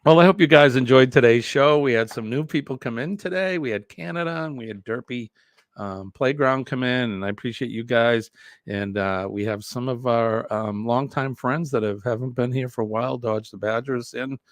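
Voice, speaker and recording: A man's voice: mid-range voice, moderate pace, dry recording, clean studio sound. A man from New Hampshire with a New England accent, hosting a live show in a jokey, chatty way and laughing often. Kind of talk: casual live-stream chat.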